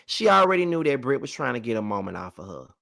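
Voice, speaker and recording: A man hosting a casual live recap of a reality show, animated and profane, talking back at the people on screen. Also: medium pitch, quick pace, vocal fry.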